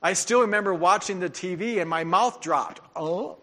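A man preaching a sermon as pastor, telling stories with animation and dropping into soft, earnest tones. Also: high-pitched, normal speed.

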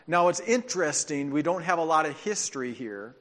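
A man preaching a sermon as pastor, telling stories with animation and dropping into soft, earnest tones. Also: on the high side, animated, fairly quick.

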